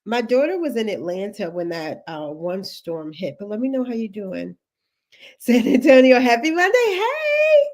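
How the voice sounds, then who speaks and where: A woman's voice: medium pitch, animated, normal speed, a little mellow. A woman from Texas with a Texan accent, hosting a casual livestream as a career coach, chatty, laughing often and greeting viewers by name.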